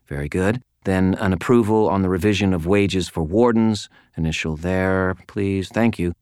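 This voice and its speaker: A man's voice: low-pitched, normal speed, darkish tone, clear, resonant tone, no room sound, clean studio sound, lightly acted. A man voicing a fussy, reedy little wizard clerk who speaks with prim, polite disapproval.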